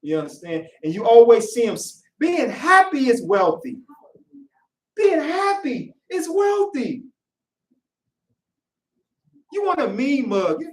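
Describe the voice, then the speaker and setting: Animated preacher man in an echoey hall. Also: very high-pitched, slow, pauses often. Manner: animated, acts out congregants in quoted voices, shouting at times. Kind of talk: sermon. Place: worship hall. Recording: echoey room, voice from a distance.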